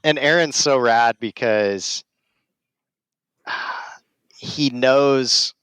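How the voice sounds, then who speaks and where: A man's voice: mid-range voice, very slow, fairly bright tone, smooth, no room sound. A man who is a guest on a podcast, telling a story in an easygoing, reflective way. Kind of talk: casual chat.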